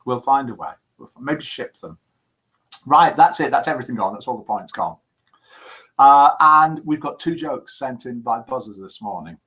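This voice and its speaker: Husky-voiced jokey man hosting. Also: medium pitch, moderate pace. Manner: jokey, lively, addresses listeners directly. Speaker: host of a live daily call-in show. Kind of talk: chatty live broadcast, reading out viewer messages.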